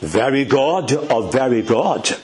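A man's voice: mid-range voice, expressive, slow pace, darkish tone, poor audio. A man preaching a sermon, emphatic and asking the congregation rhetorical questions.

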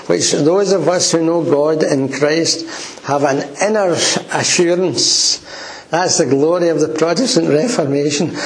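A man's voice: a little high, rough recording. A man preaching a sermon in a church, earnest and emphatic. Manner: earnest, emphatic, quoting scripture.

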